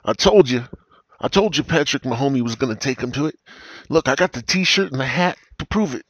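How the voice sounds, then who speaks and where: A man's voice: medium pitch, expressive, brisk, no room sound, dull audio, voice pushed up, natural voice. A man putting on the voice of a proud, misinformed male football fan, bragging insistently. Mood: boastful. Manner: boastful, insistent.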